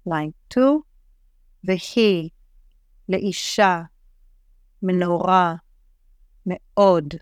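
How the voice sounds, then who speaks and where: A woman's voice: mid-range voice, darkish tone, smooth, dry recording, studio quality. A woman teaching a reading lesson, patiently reading word lists aloud and explaining pronunciation. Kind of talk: slow, careful reading lesson.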